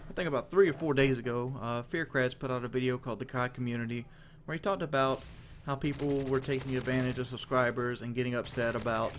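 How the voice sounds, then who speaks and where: A man's voice: medium pitch, fairly even intonation, fast, slight background noise. A man giving a casual monologue as a gaming commentator, frank and rambling, with casual swearing.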